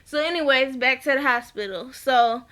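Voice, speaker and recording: Woman reviewer, high and bright, animated casual recap addressed to viewers. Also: normal speed. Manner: animated storytelling, talks straight to viewers. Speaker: TV episode reviewer.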